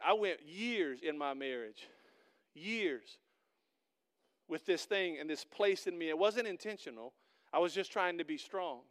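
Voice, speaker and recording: A middle-aged man preaches a sermon as pastor, talking to his congregation in an earnest, conversational way. His voice sits high and stays smooth and resonant. He often builds to loud, emphatic peaks.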